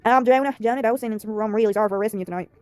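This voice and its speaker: Young small-town deputy, earnest and charming, fast-talking, voiced by a woman. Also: fairly high pitch, a little mellow, clear, resonant tone, lightly acted.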